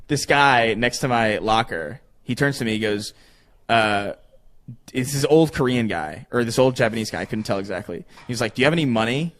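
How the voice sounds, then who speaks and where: A man's voice: mid-range voice, a bit bright. A young man telling a story in casual podcast chat, rambling with lots of fillers and swearing.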